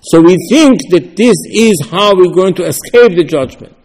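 A man teaching a sermon as a rabbi, acting out the dialogue animatedly. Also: moderate pace. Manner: animated, dramatizing dialogue with swings in pitch and loudness. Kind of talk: sermon with acted-out quotes. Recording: long hall reverb.

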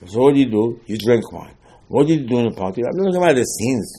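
Guy giving a torah class, keeps asking himself questions, mellow husky voice. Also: medium pitch, sing-song, quick pace. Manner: emphatic, repetitive, asks and answers his own questions, broken English phrasing. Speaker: rabbi teaching Torah. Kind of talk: informal Torah lecture.

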